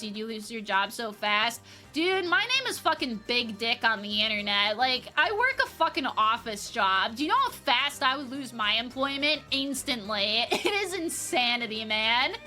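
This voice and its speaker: A young woman streamer with a high, bright voice talks loosely with her chat and curses freely. Faint music plays behind her. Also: animated, normal speed. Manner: chatty, swears casually, reads chat aloud. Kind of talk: casual live-stream chat with viewers.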